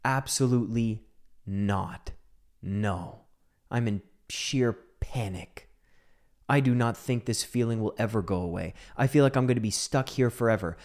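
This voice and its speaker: A man telling a personal story into a microphone, shifting between hushed whispers and emphatic outbursts. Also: fairly low pitch, a little slow. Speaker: speaker on mental health.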